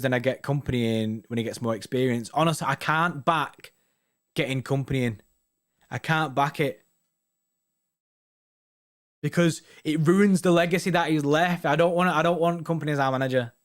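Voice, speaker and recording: A man's voice: mid-range voice, fairly even intonation, brisk. A man co-hosting a football fan show, chatting casually and rambling with slang and restarts. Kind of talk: casual chat reading viewer comments.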